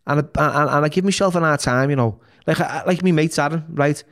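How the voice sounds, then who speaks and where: Brisk and fairly bright, the man's voice runs fairly high. He's a Liverpool-born podcast guest with the local accent, candidly and emotionally sharing his life story, cursing a lot and frequently starting over.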